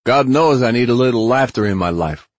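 A man's voice: medium pitch, animated, brisk, dry recording, voice pushed up, lightly acted. A man doing a brash, wisecracking investigator. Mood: teasing. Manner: teasing, loud.

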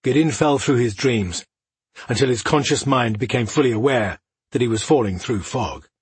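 A man reading fantasy narration for an audiobook, in an even, steady way. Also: mid-range voice, moderate pace, husky, no room sound.

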